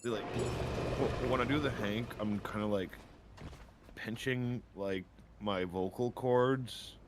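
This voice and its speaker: A man's voice: lowish voice, slow, background noise. A man talking casually on a stream as a guest, rambling and laughing a lot as he explains things.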